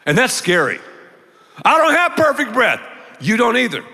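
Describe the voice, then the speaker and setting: A male pastor preaching a sermon, telling stories and acting out his own thoughts in a lively way. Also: very high-pitched, moderate pace. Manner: animated storytelling, acting out his own inner voice. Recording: long reverb of a large hall.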